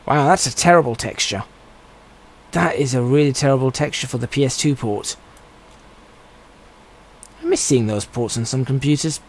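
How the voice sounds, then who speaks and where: A man's voice: medium pitch, moderate pace, long pauses, slight background noise, poor audio. A man streaming a game, giving casual commentary and musing aloud to himself as he plays. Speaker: gaming streamer.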